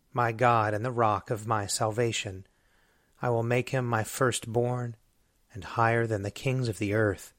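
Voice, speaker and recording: A man reading psalms aloud in a measured, solemn liturgical recitation. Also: medium pitch, no room sound, studio quality. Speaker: scripture reader.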